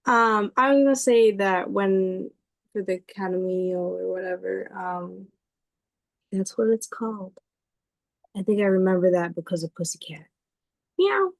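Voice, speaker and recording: A woman chatting on a podcast, hesitant and rambling with many pauses and fillers. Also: medium pitch, gravelly, no echo, low-quality recording. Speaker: podcast guest. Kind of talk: casual podcast chat.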